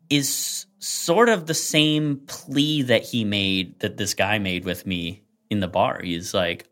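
A man's voice: fairly low pitch, slow, few pauses. Rambling man telling a bar story. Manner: rambling, animated storytelling with many fillers. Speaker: podcast co-host. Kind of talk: casual storytelling chat.

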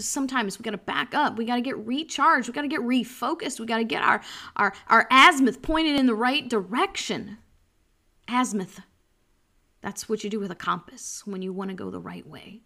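An impassioned woman gives a podcast commentary monologue in a high, bright voice. She speaks slowly and preachily and often restarts her sentences. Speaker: podcast host.

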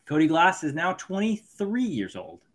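A man's voice: on the high side, wildly swooping pitch, normal speed, fairly bright tone. A man co-hosting a sports podcast in casual chat, analytical and focused on statistics. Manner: analytical, stat-focused breakdown. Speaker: podcast co-host.

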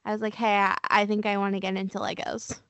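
A woman's voice: mid-range voice, level tone, fast talker, a bit bright, no room sound. A woman co-hosting a podcast from home, teasing her friends drily and steering the chat to new topics. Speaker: podcast co-host. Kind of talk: casual chat.

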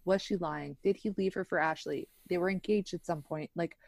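Low-voiced woman discussing a movie. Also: moderate pace, creaky, a little mellow, dry recording. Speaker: podcast co-host. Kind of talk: casual chat recapping a movie.

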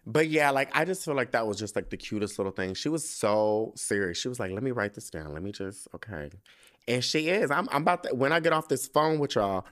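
A man hosting a solo podcast in casual chat, telling stories in slangy, profane speech, breaking into laughter and leaping up high when he quotes himself. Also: brisk, hardly any pauses. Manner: animated storytelling, jumping into high excited quoting, frequent laughter. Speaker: podcast host.

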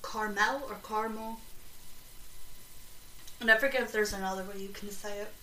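A woman hosting a podcast, reading aloud slowly and haltingly and breaking off into chatty, excited asides. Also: medium pitch, a little hiss or hum. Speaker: podcast host. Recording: roomy echo, distant from mic, faint ambience.

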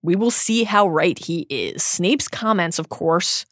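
Low-voiced woman podcast host, dry sound. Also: lively intonation, a little slow, no room sound. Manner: earnest, analytical, reads quotes with emphasis. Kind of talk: recapping and reading book passages.

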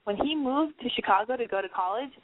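The recording is dry and phone-line quality, capturing a young woman who hosts a call-in radio advice show. Her voice runs high and fast, and she talks bluntly, swearing plenty and rambling off on tangents.

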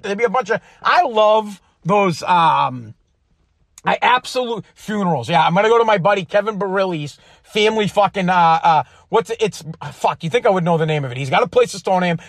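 A man's voice: high voice, no room sound, clean studio sound. A man from Massachusetts, hosting a podcast in a rambling, profane, combative rant. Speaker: podcast host. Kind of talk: casual political rant.

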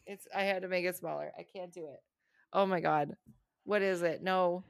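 A woman co-hosting a casual chat, narrating a video as she watches and reacting with squeamish, excited exclamations. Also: fairly low pitch, moderate pace, gravelly, no echo, studio quality.

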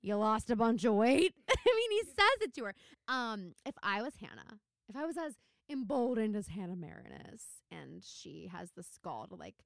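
A woman's voice: medium pitch, big pitch swings, moderate pace, vocal fry, fairly bright tone, no room sound, studio quality. A young woman co-hosting a podcast in casual chat, acting out characters' lines and laughing often. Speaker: podcast co-host.

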